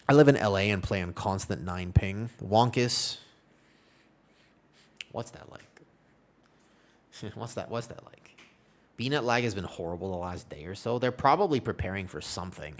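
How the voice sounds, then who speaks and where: A young man chatting casually as a gaming streamer, rambling and joking. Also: sits low.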